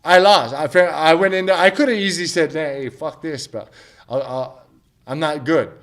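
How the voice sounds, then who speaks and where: A man's voice: a little high, moderate pace, a bit bright. A man in his thirties, a mixed martial arts fighter, telling a story in a casual interview with lots of swearing, restarts and acted-out quotes. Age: 30s. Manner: profane, rambling, acts out quotes of others.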